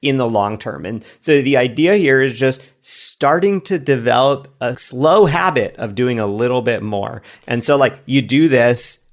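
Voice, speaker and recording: A man's voice: medium pitch, a little slow, few pauses. A man in his thirties co-hosting a podcast in a casual chat, talking animatedly and slipping into voices for quoted remarks. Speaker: podcast co-host.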